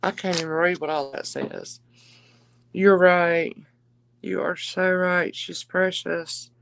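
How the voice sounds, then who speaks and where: A woman's voice: fairly low pitch, flat delivery, slow, vocal fry, a bit bright, smooth, low-quality recording. A woman hosting a live jewelry auction stream, chatty and gushing, calling her viewers darling and y'all. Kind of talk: casual live-stream selling chat.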